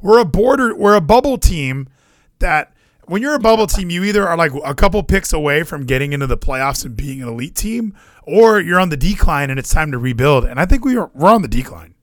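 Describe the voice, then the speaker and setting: Young man, casual sports chat, swears a lot, lively ups and downs, dry sound. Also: a little high, fairly quick, no room sound. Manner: animated, swears, frequent fillers and restarts. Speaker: podcast co-host.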